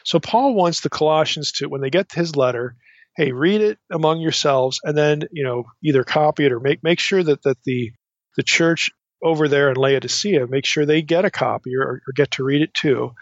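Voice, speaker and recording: A man teaching a Bible study lesson in an unscripted, halting way, often restarting and adding asides as he reads from commentaries. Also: a little high, dry recording. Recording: dry, dull lo-fi recording.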